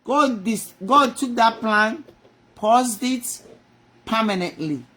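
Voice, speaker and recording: A middle-aged woman speaks to her live-stream viewers with passion, swinging from soft, low asides to loud cries. She talks in rhetorical questions, turning to God and back to her audience. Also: takes it slowly. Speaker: inspirational speaker. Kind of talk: live-stream inspirational talk.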